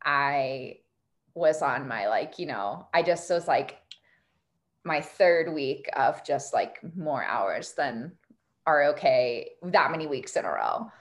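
A woman's voice: low voice, animated, takes it slowly. Laughing woman telling a bar story. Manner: laughs often, many "like" fillers. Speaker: podcast host and bartender. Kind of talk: casual podcast chat.

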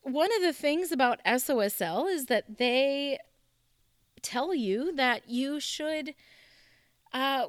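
A woman's voice: high-pitched, fairly bright tone, dry recording, clean studio sound. A woman leading a small group, telling a personal story in an earnest, candid, conversational way.

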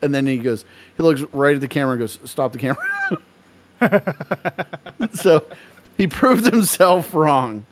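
A man's voice: a little high, lively intonation, unhurried, long pauses, noisy background. Rambling, laughing male podcast host. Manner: rambling, laughing storyteller with many fillers. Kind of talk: casual podcast chat.

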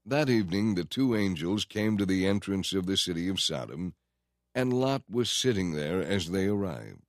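A man giving a steady, measured scripted narration of a Bible story. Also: deep voice, dry recording, clean studio sound. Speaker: scripture reader.

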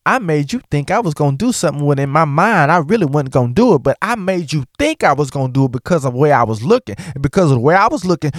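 Animated outspoken man, lively pitch. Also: no echo, clean studio sound. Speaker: vlogger. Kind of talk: casual monologue to camera.

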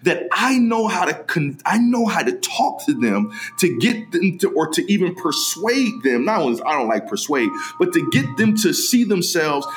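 A man co-hosting a podcast, talking in an emphatic, animated way and acting out quoted dialogue as he tells stories. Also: fairly high pitch, normal speed, few pauses, faint music behind. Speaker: podcast co-host. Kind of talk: casual podcast chat.

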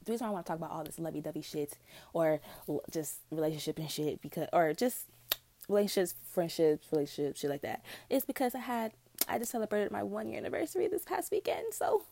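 A woman's voice: on the low side, sing-song, fast talker, creaky, mellow. A young adult woman vlogger telling a personal story in casual, profane, rambling chat.

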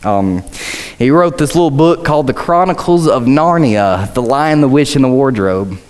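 A man's voice: medium pitch, expressive, normal speed, a little mellow, clean tone, big-room sound, poor audio. A man preaching a sermon with earnest conviction and casual joking asides.

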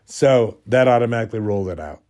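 A man's voice: on the low side, lively intonation, fast talker, warm tone. A man hosting a podcast, telling a rambling, amused story in a casual, self-deprecating way while getting over a cold. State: recovering from a cold. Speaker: podcast host.

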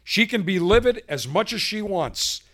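A man's voice: high-pitched, lively intonation, moderate pace, fairly bright tone. A man hosting a podcast, delivering a combative, sarcastic political monologue. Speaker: podcast host.

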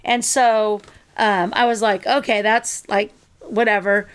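A woman telling a long story in casual chat as co-host, animated and acting out what people said. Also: medium pitch, unhurried, clean tone. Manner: animated storyteller, acts out quotes.

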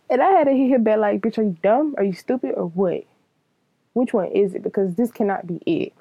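Young woman talking blunt and profane, gravelly low-toned voice, dry close sound. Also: brisk, dark tone, dry recording, rough recording. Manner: blunt, profane and laughing often. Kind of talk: casual monologue.

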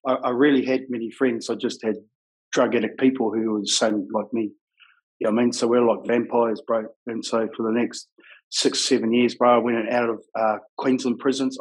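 Middle-aged New Zealand man, husky, mid-pitched, blunt casual storyteller peppered with "bro". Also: low-quality recording. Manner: rough-edged, frank, says "bro" and "you know what I mean" often. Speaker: guest telling his life story.

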